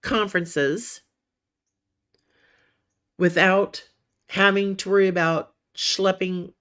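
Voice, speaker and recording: A woman's voice: medium pitch, little pitch movement, slow pace, fairly bright tone, clear, resonant tone. A woman hosting a casual livestream for writers, chatty and encouraging, calling viewers honey and sweetie, with a cough that keeps breaking in. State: coughing now and then.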